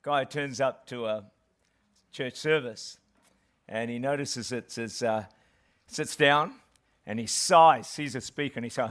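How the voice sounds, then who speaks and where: A guest pastor speaking at a church service, opening with a self-deprecating joke and then praying earnestly. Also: male voice, medium pitch, moderate pace, a bit bright. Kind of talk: sermon opening and prayer.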